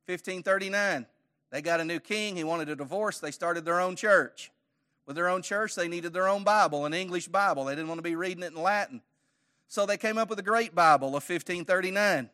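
A man's voice: high-pitched, sharp tone. A man teaching a church Bible study lesson, conversational, quizzing his audience with questions and joking lightly.

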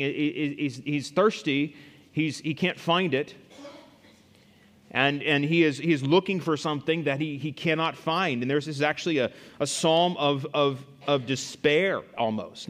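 A man preaching a sermon as pastor, repeating words and rising loud and high when he quotes scripture. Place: church. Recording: long reverb in a church hall.

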